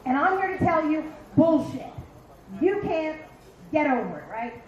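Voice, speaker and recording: A very high-pitched woman in her fifties, from Philadelphia, works a stand-up crowd with a brash, profane, punchy delivery. Her voice rings through an echoey dive bar room, picked up by a handheld stage mic. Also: sing-song, a little slow, dull audio. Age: 50s. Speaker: stand-up comedian. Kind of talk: stand-up comedy set.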